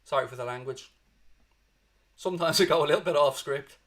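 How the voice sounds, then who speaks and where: An Irish man from Dublin calls a football match live for a fan stream, his voice bright and forceful and a bit higher than most men's. He talks animatedly and swears freely, and he keeps pushing viewers to stay positive. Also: a little fast. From Ireland. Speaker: fan watchalong host. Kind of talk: live match commentary and chat.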